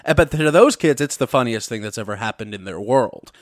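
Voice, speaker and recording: Profane, rambling podcast host from Missouri. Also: male voice, mid-range voice, lively intonation, a little fast, dry recording, studio quality. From Missouri, USA. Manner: profane, rambling, self-interrupting, jokey. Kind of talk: casual comedic rant. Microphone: podcast mic.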